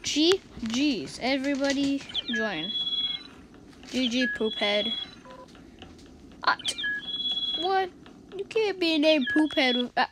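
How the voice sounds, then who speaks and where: A woman giving casual gameplay commentary, chatting and reacting out loud to each round as the channel's host. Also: sits high, animated, slow pace, long pauses. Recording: noisy home recording.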